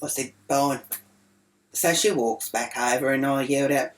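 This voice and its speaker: Australian woman, brash comic rant, crude and rambling, deep low voice. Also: a little slow. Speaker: storyteller.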